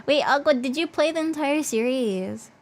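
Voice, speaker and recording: A woman's voice: high voice, expressive, normal speed. A woman streaming as a VTuber in casual chat, bubbly and talkative, her voice worn and fading. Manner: bubbly and chatty, switching between English and Japanese.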